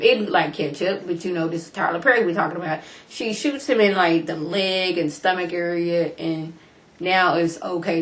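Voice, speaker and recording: A woman vlogger casually recapping TV episodes, colloquial and incredulous, her voice jumping high when exclaiming. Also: fairly bright tone. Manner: colloquial, chatty, talks straight to viewers.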